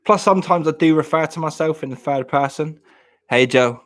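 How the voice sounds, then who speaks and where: A man's voice: a little high, brisk. A man, chatting casually on a live stream, joking and rambling as he answers viewers in the chat. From England.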